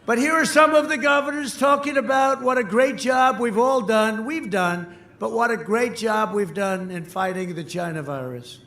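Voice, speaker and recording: A man in his seventies giving a boastful, repetitive campaign rally speech, swinging between shouts and quiet asides. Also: high-pitched, normal speed, few pauses, echoey room. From United States. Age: 70s. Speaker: political candidate.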